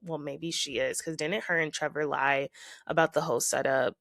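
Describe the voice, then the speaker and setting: A woman's voice: deep voice, steady tone, normal speed, creaky, fairly bright tone, dry recording. A young woman hosting a podcast, casually recapping reality TV gossip with lots of "like" and acted-out quotes. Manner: chatty gossip, frequent "like" and quoted asides. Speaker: podcast host.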